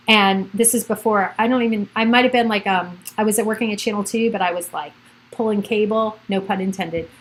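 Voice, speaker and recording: A woman's voice: medium pitch, a bit bright, low-quality recording. A middle-aged woman, a realtor hosting a casual livestream from home, chatting in a rambling way and laughing often. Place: at home by a computer.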